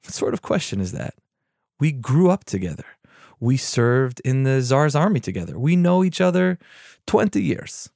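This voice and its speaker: A man's voice: medium pitch, sing-song, normal speed, creaky, a little mellow, dry recording, studio quality. A man voicing an exasperated male peasant friend who insists again and again that he loves his drinking companion, told as part of a spoken story. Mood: reassuring. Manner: insistent, rising to annoyance.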